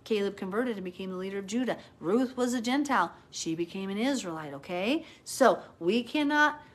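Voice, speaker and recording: A woman giving a casual, live-streamed Bible teaching. She talks in an earnest, chatty way, stops to answer viewer comments, and acts out quoted people with sudden jumps in pitch. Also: expressive, a little fast.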